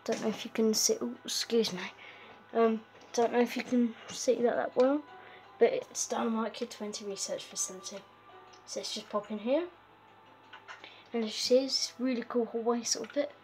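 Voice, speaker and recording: A woman's voice: fairly high pitch, fairly even intonation, moderate pace, a little mellow, faint music behind. A woman hosting a casual game walkthrough, chatty and giggly, with lots of fillers and a habit of talking to her pet. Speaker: gaming video host.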